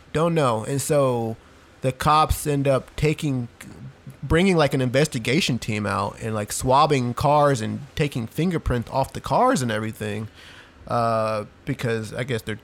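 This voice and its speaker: Young guy rambling through a story, says dude a lot, mid pitch, super casual. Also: normal speed. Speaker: podcast co-host. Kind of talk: casual chat.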